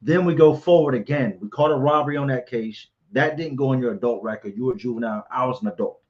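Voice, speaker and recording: A man hosting a casual interview, recapping shared events in a steady, matter-of-fact way. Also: mid-range voice, fast talker. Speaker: host. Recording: dull lo-fi audio.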